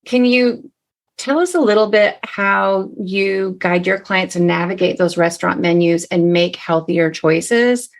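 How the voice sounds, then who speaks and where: A woman hosting a podcast, asking long, relaxed questions in a conversational interview. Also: medium pitch, measured pace, vocal fry. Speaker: podcast host.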